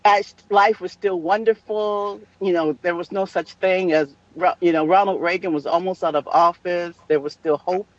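A woman in her fifties telling a story in casual podcast chat, brash, profane and animated. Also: on the low side, normal speed, hardly any pauses, dry recording, highs cut off. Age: 50s.

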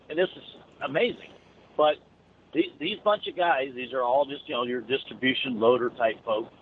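A man chatting casually on a call, rambling and restarting his sentences often. His voice comes through a narrow, tinny phone line. A faint hiss sits behind him. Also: mid-range voice. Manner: rambling, many restarts and stammers. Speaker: truck driver calling in. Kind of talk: casual chat.

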